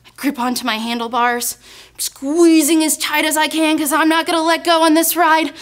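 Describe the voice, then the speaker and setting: A young woman speaking to kids at church, telling an animated, dramatic story and calling her listeners "guys". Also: sits high, moderate pace. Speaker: children's ministry speaker. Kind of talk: storytelling devotional talk for kids.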